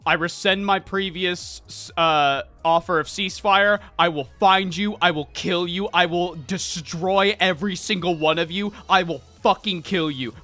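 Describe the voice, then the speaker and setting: A man putting on a furious, sarcastic superhuman war lord, shouting and straining high. His bright voice pushes into loud, strained shouts, with faint music underneath. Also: a little slow, hardly any pauses. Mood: threatening.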